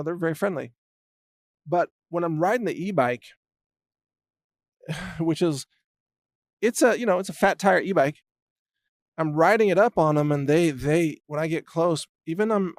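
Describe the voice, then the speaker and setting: A middle-aged man with a fairly high voice spins loose, rambling stories in a casual way, laughing to himself as he goes. He trips over his words and restarts often. The sound is dry and close. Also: no room sound. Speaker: show host. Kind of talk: casual anecdotal storytelling.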